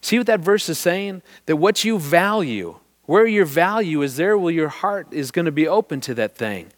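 A middle-aged man telling a family story to an audience, animated and self-deprecating, laughing often. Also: a little high, moderate pace. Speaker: speaker on marriage.

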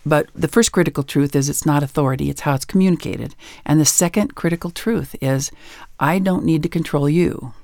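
A woman's voice: sits low, brisk, gravelly, a little mellow, no room sound, clean studio sound. A woman author being interviewed on a radio show, telling stories emphatically and with self-assurance. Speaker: guest author and educator.

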